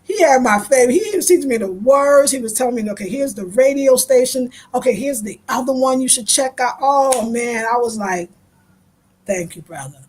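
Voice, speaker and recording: A woman hosting her own video, telling a lively story to her viewers and acting out the voices of the people in it, often laughing as she talks. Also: high-pitched, moderate pace, husky. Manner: animated, laughing, acts out voices in her stories. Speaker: video host.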